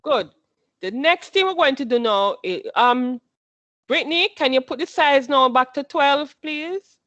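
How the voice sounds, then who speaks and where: A woman teaching a computer class in a patient, step-by-step way, repeating each instruction and quizzing her students. Her voice is a little high, and the recording sounds dull and dry. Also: animated, measured pace, fairly bright tone, no room sound.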